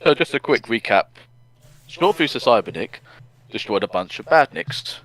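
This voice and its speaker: A man giving a casual, animated recap of a comic on a podcast. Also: mid-range voice, normal speed, poor audio. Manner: animated, acts out characters in silly voices. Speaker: podcast co-host.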